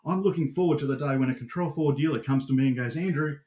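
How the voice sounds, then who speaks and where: An Australian man answering interview questions casually, lively and animated, getting worked up as he tells stories. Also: mid-range voice, fast talker. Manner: animated storyteller, gets worked up. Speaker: guest, supplier sales manager.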